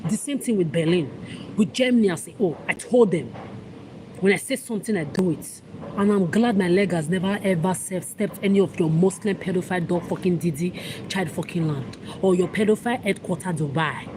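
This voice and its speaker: A woman's voice: fairly low pitch, brisk, noisy background. A woman vlogger delivering an angry, accusatory monologue to camera in a ranting, contemptuous manner.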